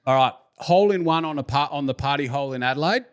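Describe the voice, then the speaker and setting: An Australian man hosting a casual podcast interview, joking and laughing as he fires off quick questions. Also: fairly high pitch, clear, resonant tone. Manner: jokey, laughs often, quick-fire questions. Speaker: podcast host.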